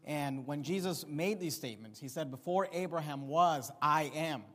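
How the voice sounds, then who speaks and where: A man's voice: fairly high pitch, moderate pace, fairly bright tone. A man preaching a sermon, emphatic, repeating key phrases and rising in volume to stress points. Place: church sanctuary. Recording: long reverb of a hall.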